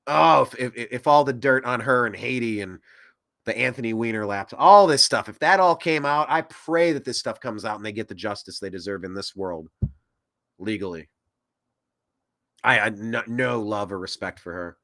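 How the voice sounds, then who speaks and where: A man hosting a political commentary show, ranting in an animated way that swings between loud and soft. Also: mid-range voice, normal speed, no echo, studio quality. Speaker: host.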